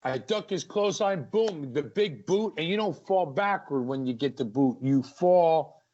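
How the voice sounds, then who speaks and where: A man, a wrestler, telling stories from the ring as a guest in an energetic, animated way. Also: a little high, unhurried. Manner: energetic, acts out ring action. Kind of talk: animated storytelling. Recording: lo-fi muffled audio.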